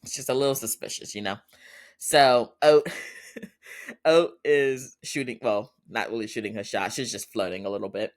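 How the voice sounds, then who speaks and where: A man's voice: medium pitch, normal speed. Male podcast host, casual recap chat, giggly and loose, mid-range voice. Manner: chatty, laughs often, loose storytelling with fillers.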